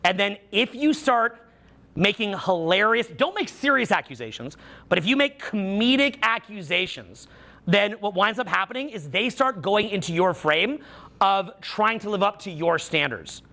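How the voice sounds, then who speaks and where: A man's voice: high-pitched, animated, normal speed, gravelly, pushed and bright. A man coaching a live seminar audience, playful and teasing as he banters with volunteers on stage. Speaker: social skills coach.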